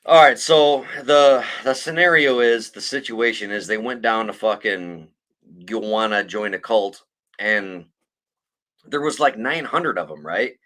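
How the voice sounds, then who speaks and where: A man's voice: on the low side, a little slow, a bit bright. A man hosting a podcast, telling a story in a rambling, profane way. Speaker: podcast host. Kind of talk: casual chat.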